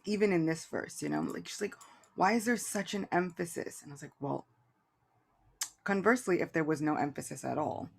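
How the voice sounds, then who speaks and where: A man with a gravelly, creaky edge, talking through scripture on a podcast. He muses aloud and keeps circling back with fillers and restarts. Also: on the high side. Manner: thoughtful, rambling with many fillers and restarts. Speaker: co-host reading and explaining scripture. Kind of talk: casual podcast discussion.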